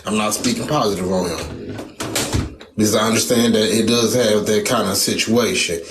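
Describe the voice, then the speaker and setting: Halting man in an echoey room. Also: on the low side, background noise. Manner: hesitant, halting, many restarts and fillers. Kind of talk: heated casual debate.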